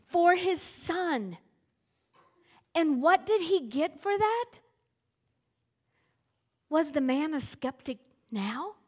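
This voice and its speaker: Woman preacher, slow and dramatic, slightly high voice, acts out voices. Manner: slow and deliberate, drops to near whispers. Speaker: Bible teacher. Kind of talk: sermon.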